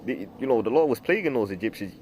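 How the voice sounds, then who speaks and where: A man's voice: mid-range voice, expressive, quick pace, darkish tone, a little hiss or hum. A man preaching from scripture in a loose, rambling way, full of fillers, restarts and the word "man". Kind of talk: informal scripture teaching.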